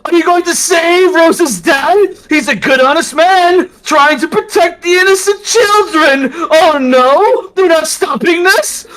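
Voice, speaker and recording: A man voicing a cruel priest who mocks his god and taunts a captive, shouting in glee. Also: extremely high pitch, a little slow, hardly any pauses, pitched above the performer's own voice, poor audio. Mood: gleeful taunting. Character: cackling cruel male priest, mocking god.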